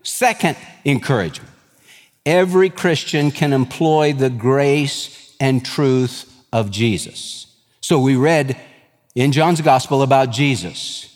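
A man's voice: medium pitch, slow, big-room sound. A man preaching a sermon as pastor, reading scripture aloud and explaining it with folksy, everyday asides.

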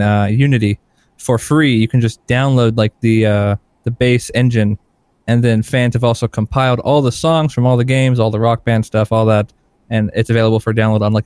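A man co-hosting a casual chat, explaining things slowly with many fillers. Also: mid-range voice, steady tone, a little mellow, clean tone, no room sound.

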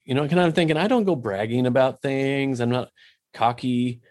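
A man's voice: mid-range voice, moderate pace, a little mellow. A man telling a personal faith story in a casual, candid way, poking fun at himself and dropping in lots of "you know" asides.

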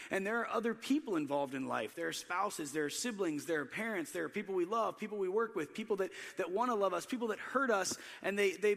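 A man in his thirties preaching a sermon, telling self-deprecating family stories in an animated way. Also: high voice, in a large hall. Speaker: pastor.

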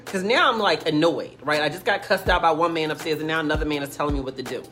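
A woman's voice: deep voice, fairly quick, few pauses, fairly bright tone. A woman chatting casually to her livestream viewers, rambling through a story with many fillers and restarts. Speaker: livestream host telling a story. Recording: music playing in the background.

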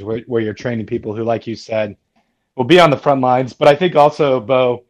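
A man's voice: fairly low pitch, highs cut off. A man co-hosting a radio talk show from a remote location, thoughtful and self-deprecating, with frequent fillers. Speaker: radio show co-host, academic dean. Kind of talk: casual radio talk chat. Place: remote, away from the studio.

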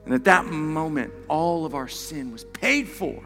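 A man preaching a sermon as pastor, impassioned, moving from hushed words to shouts. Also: a little high, a little slow, big-room sound, faint music behind. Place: church sanctuary.

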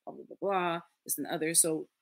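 A woman's voice: low-pitched, steady tone, quick pace, vocal fry. A woman in her late thirties, a podcast guest, telling a personal story in casual conversation, earnest and acting out the voices of others. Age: late 30s.

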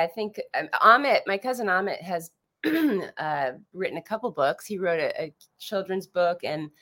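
A woman in her fifties, a podcast guest chatting casually, rambling with restarts and saying "like" a lot like a Valley Girl. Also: fairly low pitch. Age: 50s. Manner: says "like" often, talks like a Valley Girl. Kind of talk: casual chat.

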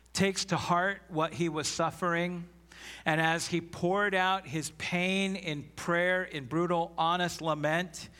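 A male pastor preaching an earnest, emphatic sermon with an unhurried, deliberate pace. His voice sits a little higher than most men's, and he reads scripture aloud. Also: fairly bright tone.

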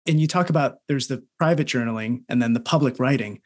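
A man's voice: mid-range voice, quick pace. A man co-hosting a podcast, asking a guest questions and thanking listeners in a friendly way. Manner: friendly, encouraging. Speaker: podcast co-host.

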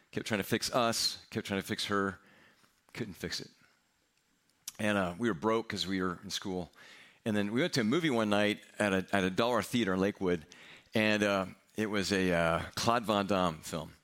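A middle-aged male pastor telling a personal story in a sermon, candid and self-mocking with quick humor. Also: on the low side, fairly bright tone.

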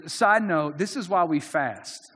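A man's voice: fairly high pitch, animated, takes it slowly, pushed and bright, husky, long reverb tail. A man preaching a sermon in an earnest, conversational way, often restarting his sentences. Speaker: pastor.

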